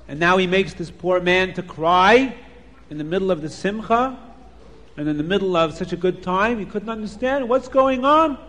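A man telling a folk tale aloud in an animated way, sprinkling in Yiddish words. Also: high voice, long reverb tail. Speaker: storyteller. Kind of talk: oral folk storytelling.

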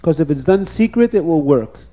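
A man voicing a wise, kind elderly rabbi who speaks quietly and patiently. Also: a little high, expressive, normal speed. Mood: explaining. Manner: quiet, soft-spoken, patient.

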